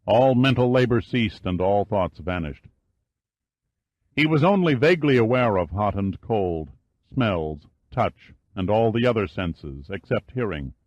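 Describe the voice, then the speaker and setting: Low-voiced male audiobook narrator, dry sound. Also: expressive, measured pace, a little mellow, no room sound, highs cut off. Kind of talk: scripted narration.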